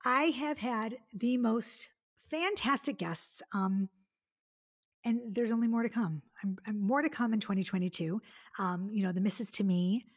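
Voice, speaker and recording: A woman's voice: on the high side, a little slow. A woman in her forties from the Detroit area hosting her own podcast, chatty and effusive, with lots of fillers. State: tearful. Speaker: podcast host. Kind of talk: casual solo podcast monologue.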